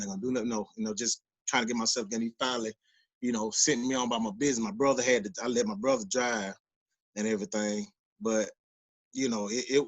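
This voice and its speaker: A man, co-hosting a podcast and telling a personal story in a casual, animated way, loudly acting out the voices of the people he quotes. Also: medium pitch, rough recording. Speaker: podcast co-host.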